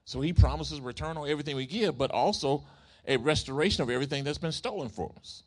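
A man preaching a sermon, telling a story in an animated way and asking his congregation questions. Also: on the high side, fast. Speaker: pastor.

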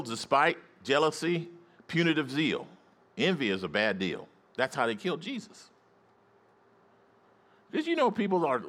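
A man preaching a sermon as pastor in a church, calling out to the congregation and rising into excited shouts. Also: medium pitch. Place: church sanctuary.

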